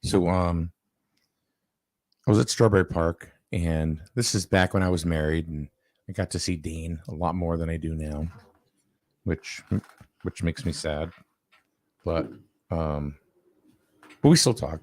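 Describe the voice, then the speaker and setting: A man's voice: low voice, no room sound. A man hosting a casual chat, telling a long story with lots of fillers and restarts. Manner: rambling, with many fillers and restarts.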